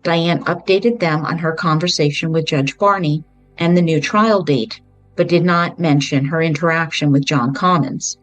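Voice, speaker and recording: A woman hosting a podcast, retelling a true-crime book in a measured storytelling way with brief personal asides. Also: deep voice, a bit bright, no room sound, soft background music, poor audio. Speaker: podcast host.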